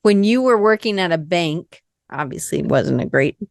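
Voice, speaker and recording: A Southern American woman hosting a podcast, talking casually in a rambling, lively way that often stops and restarts. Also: fairly low pitch, normal speed, gravelly, no echo, studio quality. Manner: rambling, lively, self-interrupting. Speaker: podcast host. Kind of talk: casual conversation.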